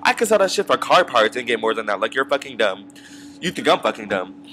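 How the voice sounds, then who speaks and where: A man's voice: medium pitch, big pitch swings, brisk, sharp tone, a little hiss or hum. A young man telling a long story in a casual, rambling rant, swearing freely and filling it with ums and side remarks. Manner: rambling, profane, full of fillers and asides. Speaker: vlogger.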